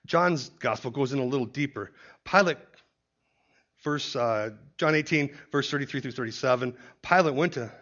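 This man's voice is mid-range and a little bright, moving at a normal speed. Captured on a dull lo-fi recording, he teaches expository Bible lessons point by point, often leading in with the word "see".

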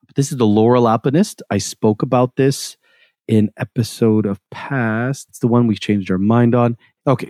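Male podcast co-host, mellow and warm, loose rambling delivery, dry close mic. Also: mid-range voice, no echo. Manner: loose, rambling with many fillers and restarts. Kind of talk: casual chat.

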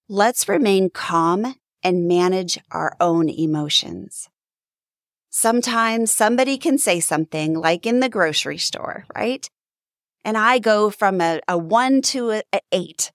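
A woman's voice: mid-range voice, no room sound, clean studio sound. A woman hosting a faith-based podcast who teaches in an earnest, encouraging way and acts out sample phrases. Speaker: podcast host.

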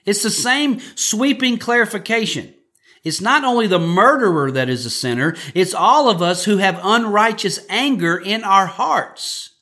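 A man's voice: high-pitched, lively intonation, a little slow, pushed and bright. A man preaching a conversational sermon for a podcast, joking and often repeating words as he restarts his sentences. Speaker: pastor.

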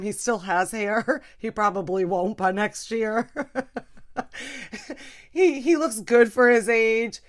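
A woman hosting a podcast, ranting about family life in a casual comedic way and slipping into a high, mimicking voice. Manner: animated, mimics her mother in a high voice. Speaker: podcast host.

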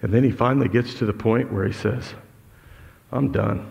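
A man preaching a sermon with passion, moving between loud outbursts and low, intense tones. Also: steady tone, fast talker, vocal fry, in a large hall, muffled recording. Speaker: pastor.

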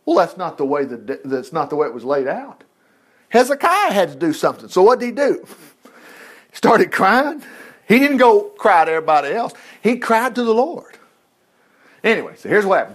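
Male preacher, high and lively voice, folksy Bible storytelling in casual conversational delivery. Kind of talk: informal Bible teaching.

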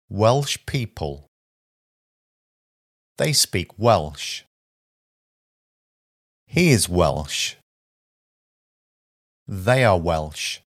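A man reading a vocabulary list aloud as a teacher, slow and deliberate, pausing after each short phrase. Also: sits low.

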